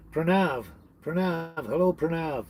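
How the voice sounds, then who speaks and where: Livestreaming casually from a tiny house on wheels, a man greets his viewers and reads out their comments, often chuckling and tripping over names. His voice sits a little high and is a little mellow, his pace is slow, and a faint hiss or hum runs under the audio.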